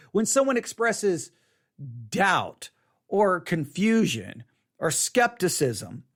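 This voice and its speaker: Animated pastor with a lively, swooping voice. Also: medium pitch. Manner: repeats words and acts out quick mock quotes. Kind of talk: animated teaching talk to camera.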